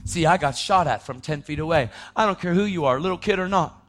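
A man preaching his testimony in a dramatic storytelling style, swinging between loud outbursts and hushed tones. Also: fairly high pitch, fast talker. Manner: acts out the voices of people in his story. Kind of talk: testimony sermon.

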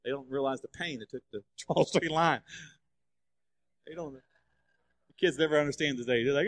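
A man preaching a sermon, telling the story with lively changes of voice as he acts out the figures. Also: medium pitch, moderate pace, long pauses. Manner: animated storytelling, acting out quoted voices. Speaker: pastor. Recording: long hall reverb.

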